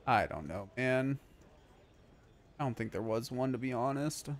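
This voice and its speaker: A man's voice: medium pitch, animated, measured pace. A man playing a game together with a streamer, chatting laid-back, swearing and laughing. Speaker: streamer's co-op partner. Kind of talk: casual co-op game stream chat.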